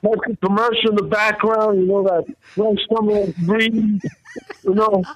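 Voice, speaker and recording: A man who is a podcast guest, telling a story in casual chat with slow, dramatic delivery that trails off. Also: sits high, flat delivery, low-quality recording. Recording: faint background noise.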